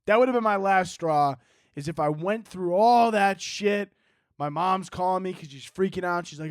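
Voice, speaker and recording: Man, podcast host, slightly high voice, dry close sound, rambling, swears a lot, laughs often. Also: normal speed, smooth, no echo. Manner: rambling, profane, laughs often, mocking impressions. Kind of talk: casual solo podcast monologue.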